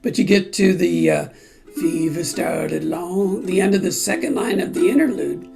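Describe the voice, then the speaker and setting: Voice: mid-range voice, lively intonation, fairly quick, vocal fry, a little mellow, faint music behind. A ukulele group teacher explaining song timing step by step and breaking into snippets of the lyrics. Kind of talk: song-by-song music lesson.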